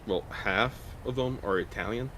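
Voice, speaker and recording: A man's voice: lowish voice, measured pace, sharp tone, a little hiss or hum. A man in casual stream chat, ranting bluntly and profanely with many restarts.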